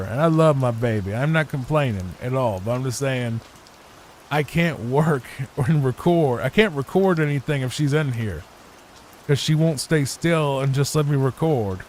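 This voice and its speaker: A gaming YouTuber with a mid-range, slightly mellow voice rambles through improvised sleep-time commentary over gameplay, often repeating himself. He's on a desk mic at his home computer, with a bit of background noise.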